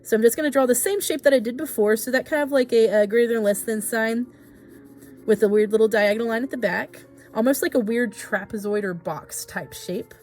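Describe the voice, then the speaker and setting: A woman's voice: on the high side, brisk, darkish tone, faint music behind. A woman art teacher talking through a drawing tutorial step by step, patient and casual, with small asides. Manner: patient, explains each stroke, casual asides.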